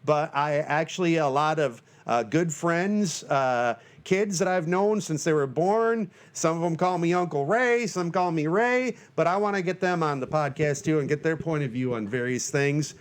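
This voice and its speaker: A man in his forties hosting his own podcast alone, talking loosely with lots of fillers and breaking into shrill panicky shouts for comic effect. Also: normal speed, few pauses. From Northern Michigan, US. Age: 40s. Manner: loose and self-mocking, lots of fillers and restarts. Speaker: podcast host. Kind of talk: rambling solo podcast monologue.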